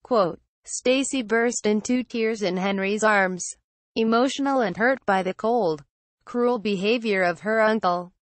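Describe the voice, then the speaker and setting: A woman reading a horror story aloud in a slow, measured way. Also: medium pitch, no echo. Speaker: story reader.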